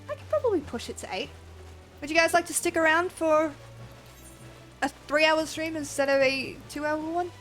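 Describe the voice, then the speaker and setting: A woman's voice: high voice, a bit bright, rough recording. A woman with an Australian accent, chatting casually and ramblingly on a game livestream and swearing freely. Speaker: game streamer.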